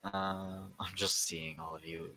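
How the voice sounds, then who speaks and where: A man hosting a roleplay server's community meeting, rambling and halting with lots of fillers. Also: low voice, little pitch movement, bright, forceful tone, slight background noise, rough recording. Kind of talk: casual community meeting talk.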